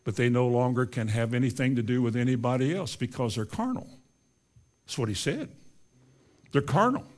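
An older man preaching a sermon in a folksy, emphatic way, moving from quiet asides to loud insistence. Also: mid-range voice, animated, normal speed, long pauses.

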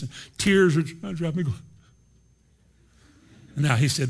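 A man's voice: on the high side, slow pace, long pauses, husky. A middle-aged man preaching a sermon in an emphatic, repetitive, folksy way.

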